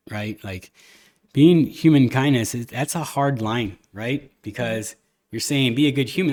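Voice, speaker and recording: Candid rambling man hosting a podcast. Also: on the low side. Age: adult, a father. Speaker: podcast host. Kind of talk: casual chat.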